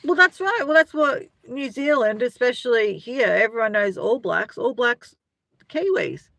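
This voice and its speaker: A woman's voice: fairly high pitch, expressive, unhurried, vocal fry, a bit bright, dry recording. A middle-aged Australian woman chatting casually on a live stream, rambling and greeting viewers by name as she reads their comments. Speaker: livestream host.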